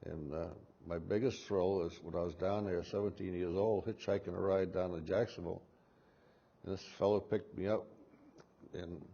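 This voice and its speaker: An old man in his eighties speaks with a Massachusetts accent in a deep, mellow, gravelly voice. He reminisces in a halting, rambling way, full of uh's and restarts. The recording is dull and lo-fi. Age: 80s. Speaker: war veteran interviewee. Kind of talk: recalling memories in an interview.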